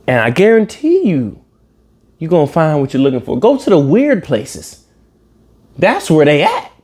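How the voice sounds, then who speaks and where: A man hosting a reaction video, giving casual comedic commentary with animated, emphatic outbursts. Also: on the high side.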